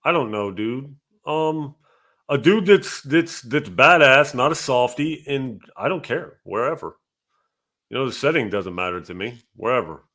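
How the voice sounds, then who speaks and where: A man chatting casually on a podcast and telling animated stories, with a father's everyday voice. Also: mid-range voice, a little slow. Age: adult with a child. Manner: animated storytelling, acts out strangers' lines. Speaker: co-host reading super chats.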